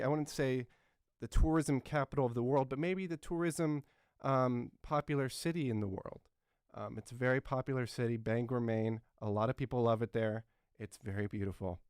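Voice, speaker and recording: A man's voice: mid-range voice, a little mellow, clear, resonant tone, no room sound, clean studio sound, close to an everyday voice. A man in his twenties playing an earnest, clueless talk show host who rambles and fills his talk with ums and uhs. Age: 20s. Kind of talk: satirical talk show comedy.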